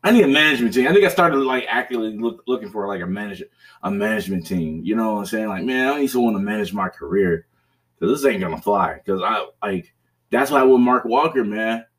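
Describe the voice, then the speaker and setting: A man's voice: on the low side, expressive, fast talker, a bit bright. A man hosting a podcast, telling a story in casual chat, profane and rambling, with restarts and bursts of laughter. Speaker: podcast host.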